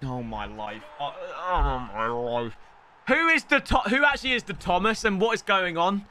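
Narrating his own match as it happens, this young man is excitable and quick to shout while he taunts his opponent. His high voice swings wildly up and down with a bright, sharp edge, and there's slight background noise.

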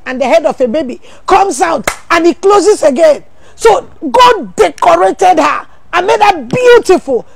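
A woman pastor, preaching a sermon full of rhetorical questions, teasing asides and sudden shouted emphasis. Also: high-pitched, gravelly.

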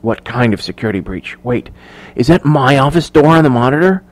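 A man reading the part of a cold, scheming male executive villain in an audiobook, speaking quietly and with control. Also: medium pitch, expressive, a little fast, close to an everyday voice. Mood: cold, hushed.

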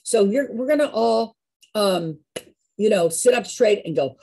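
A woman's voice: mid-range voice, lively intonation, unhurried, gravelly, mellow, slightly rough. A woman leading a live singing and movement class, upbeat and coaxing as she calls on people by name.

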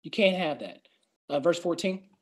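A man's voice: a little high, lively intonation, normal speed. Male Bible study leader, casual teaching tone, reads verses and acts out doubters. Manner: conversational, reads scripture aloud and acts out doubters' voices.

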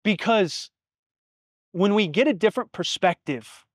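A man in his thirties speaks in a fairly high voice as host of his own podcast. He tells stories and reflects earnestly and from the heart, dropping casual swear words. The sound is dry and close, with no room echo. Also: lively intonation, a little slow. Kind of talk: reflective solo podcast monologue.

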